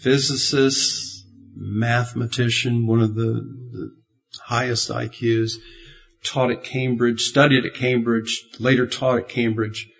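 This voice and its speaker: Male pastor, unhurried folksy sermon delivery with chuckles, lo-fi sound. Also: medium pitch, little pitch movement, vocal fry. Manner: rambling, good-humored storytelling with chuckles. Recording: dull, muffled lo-fi sound.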